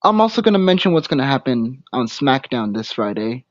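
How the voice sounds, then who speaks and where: A man hosting a casual live stream. He talks haltingly, stopping and restarting his sentences often. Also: mid-range voice, very animated, no room sound. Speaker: stream host. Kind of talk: casual livestream chat. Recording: dull lo-fi stream audio.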